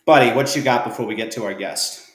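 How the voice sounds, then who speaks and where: A man's voice: medium pitch, fast, a bit bright. A man hosting a casual veterans' podcast, telling a story in an easygoing way and moving the show along. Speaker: podcast host. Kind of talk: casual chat. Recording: echoey room.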